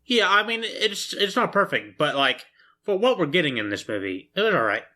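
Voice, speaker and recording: A man co-hosting a podcast in casual chat, easygoing and quick to laugh. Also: high voice, big pitch swings, bright, forceful tone. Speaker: podcast co-host.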